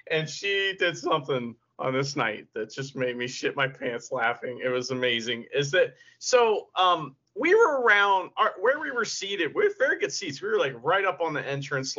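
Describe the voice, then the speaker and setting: A man co-hosts a casual podcast, spinning stories with lots of laughter and cursing. His voice sits a bit high and is bright, with a very lively, swooping delivery. The audio is somewhat dull and lo-fi. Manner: animated, laughs often, swears freely. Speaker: podcast co-host. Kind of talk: casual chat, storytelling.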